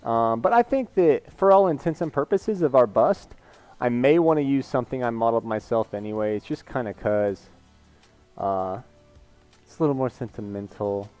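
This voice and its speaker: A man's voice: mid-range voice, expressive, moderate pace, a little mellow, clear, resonant tone, faint music behind. A man chatting casually on a live stream, rambling candidly and reading viewer comments aloud.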